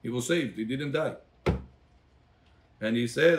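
A man's voice: medium pitch, measured pace, pauses often. A rabbi teaching a Torah class to a congregation. He calls on listeners by name, quizzes them, and switches between English and Hebrew phrases.

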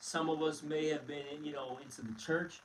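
A man's voice: fairly high pitch, steady tone, moderate pace, a little hiss or hum. A man teaching scripture in a blunt, emphatic way, often calling listeners "man", recorded from a distance.

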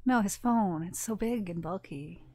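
A woman's voice: medium pitch, a little slow, dark tone. A woman co-commenting on a game in casual chat, making wry, skeptical remarks. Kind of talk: casual let's-play chat.

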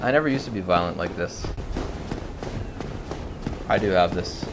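A man's voice: normal speed, background noise. A man doing gameplay commentary, swearing constantly, muttering to himself and then bursting into screamed rage. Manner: talks himself down in low muttering between outbursts. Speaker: gaming commentator.

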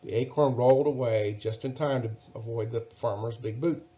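A man reading a children's Bible story aloud in a gentle, measured way. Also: mid-range voice, highs cut off.

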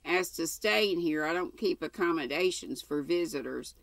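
A woman's voice: low voice, animated, moderate pace, vocal fry, fairly bright tone, dry recording, exaggerated voice. A woman reading a harsh, stern landlord who speaks in curt, cold lines. Her voice stays close and dry, with no room around it. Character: stern, harsh middle-aged male landlord.

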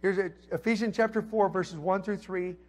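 A middle-aged man preaching a sermon in a conversational way, building to emphatic peaks and then dropping low and quiet. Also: steady tone, moderate pace. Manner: conversational preaching with emphatic swells and soft drops.

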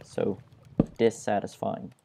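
A young man giving casual, self-mocking commentary while he plays a video game, dropping puns in a flat tone. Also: fairly low pitch, takes it slowly, gravelly, noisy background. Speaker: Let's Play gamer.

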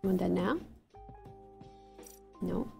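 A woman's voice: lowish voice, takes it slowly, vocal fry. Woman gamer, casual voice chat, thinks aloud, faint music under. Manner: hesitant, thinks aloud, hums to herself. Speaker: streamer playing a social deduction game.

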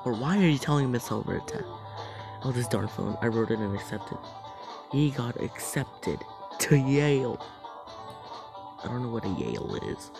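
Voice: medium pitch, very animated, moderate pace, creaky, long pauses, over music. A creator who reads funny texts aloud, laughing often and apologizing for it. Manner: laughs often while reading. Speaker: video creator.

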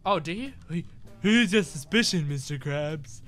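A woman hosting a gaming channel, chatting while she plays and reasoning out loud, quick to laugh. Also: low-pitched, lively intonation, faint music behind. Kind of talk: casual chat while playing a game.

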